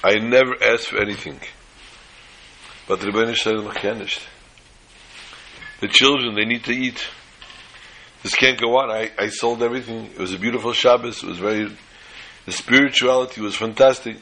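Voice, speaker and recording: A man's voice: fairly low pitch, steady tone, normal speed, pauses often, sharp tone, slight background noise. A man voicing a poor, pious rabbi who pleads tearfully. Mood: pleading.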